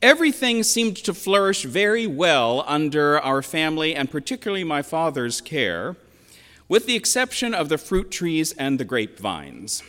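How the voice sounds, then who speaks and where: A man in his sixties from western Pennsylvania, preaching a sermon as a pastor in a reflective, measured storytelling manner with emphatic quotations. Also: a little high, very animated, sharp tone. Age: 60s. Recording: long reverb of a large hall.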